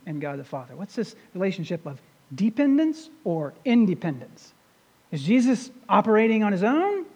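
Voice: medium pitch, a little mellow, husky. A pastor preaching a sermon, retelling a scripture story in a conversational way and putting rhetorical questions to the congregation. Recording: long reverb of a large hall.

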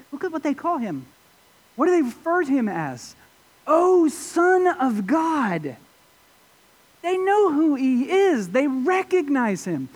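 A male pastor delivers a sermon with a lively, swinging pitch. He talks in a warm-blooded, expressive way, often stopping to ask his listeners questions. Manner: expressive preaching with rhetorical questions.

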